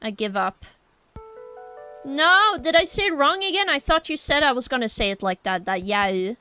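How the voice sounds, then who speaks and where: A woman's voice: sits high, animated, moderate pace, pushed and bright, soft background music. A young woman with a Norwegian accent, chatting casually with her stream chat while drawing, rambling and addressing viewers directly.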